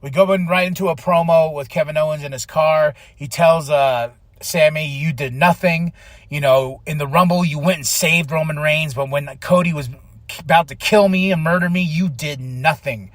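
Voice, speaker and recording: Male podcast host, high voice, dry close sound; loose, excitable recap delivery with quick put-on voices. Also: no echo. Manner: excitable, acts out wrestlers' lines in quick voices, many fillers. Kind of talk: casual chat.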